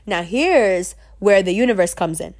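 A woman's voice: mid-range voice, expressive, moderate pace, a little mellow. A middle-aged woman telling a story in a casual, blunt rant, heavy with slang and swearing. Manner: blunt, profane and emphatic; streetwise slang.

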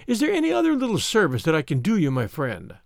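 A man voicing a sly, menacing male villain in a high, snarling voice with a mocking, sneering manner. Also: huge pitch swings, quick pace, creaky, no echo, clean studio sound, exaggerated voice.

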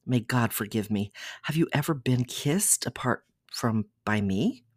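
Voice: mid-range voice, animated, measured pace, no echo, clean studio sound. A reader voicing an intense, controlling young man. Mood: exasperated.

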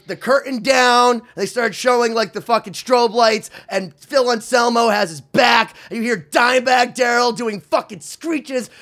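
A man in his forties hosting a casual chat, excitable and swearing a lot. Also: very high-pitched.

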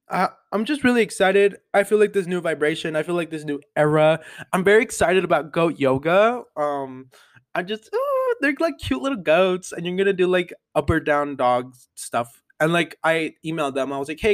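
A nineteen-year-old man hosting a solo podcast, rambling casually with lots of fillers in an animated, upbeat way. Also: on the high side. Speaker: podcast host.

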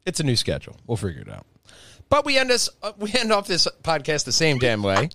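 A man hosting a podcast in casual chat, animated and swearing freely, with loud bursts when excited. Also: fairly high pitch, brisk, dry recording. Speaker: podcast host.

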